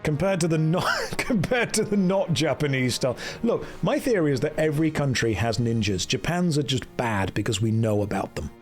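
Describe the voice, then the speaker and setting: A man's voice: mid-range voice, expressive, normal speed, soft background music. A man chatting on a live game stream in a joking, self-mocking way. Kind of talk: casual live-stream chat.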